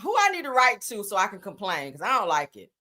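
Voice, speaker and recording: Woman host, sassy live-stream commentary, swooping animated voice, emphatic and blunt. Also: medium pitch, quick pace. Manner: sassy, emphatic, cusses, talks to viewers as y'all.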